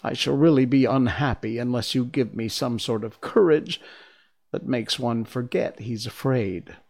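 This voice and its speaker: A man's voice: mid-range voice, a little slow, vocal fry, darkish tone. A man voicing a timid talking lion who speaks anxiously.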